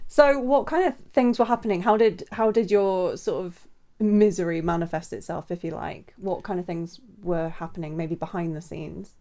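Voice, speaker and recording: Gently probing woman interviewer, lowish voice. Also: moderate pace. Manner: gently probing, prompts with follow-ups. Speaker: coach and podcaster, interviewer. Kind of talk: conversational interview questions.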